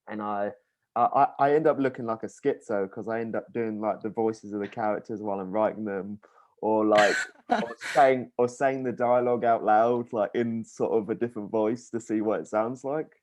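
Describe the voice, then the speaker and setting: A man's voice: fairly low pitch, fairly even intonation, moderate pace, darkish tone. A young man from England hosting a podcast in casual chat, rambling with lots of fillers and laughs. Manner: rambling, with many likes and laughs. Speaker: podcast host.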